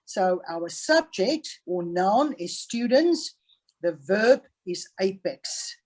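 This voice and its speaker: A woman teaches a grammar lesson over a video call, speaking slowly and patiently. She slows down even more to stress each example sentence for her young learners. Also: mid-range voice, poor audio. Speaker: English teacher. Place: online class.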